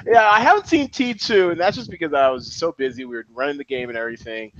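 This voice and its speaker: A man co-hosting a podcast, talking about movies in an animated way and restarting his sentences often. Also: on the high side, quick pace, few pauses, dry recording, dull audio. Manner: animated, excitable, many restarts. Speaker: podcast co-host. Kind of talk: casual film chat.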